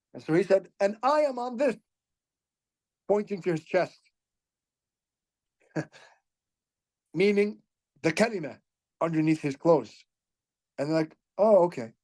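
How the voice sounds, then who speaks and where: A man hosting a podcast, retelling religious history as a lively story, acting out the quoted dialogue and reciting Arabic phrases along the way. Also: on the high side. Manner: frequent restarts and repeated words. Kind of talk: storytelling lecture.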